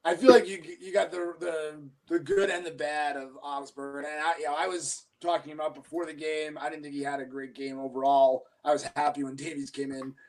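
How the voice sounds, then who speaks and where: A man appearing as a guest on a casual sports podcast, talking in a measured, analytical way. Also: a little high, little pitch movement.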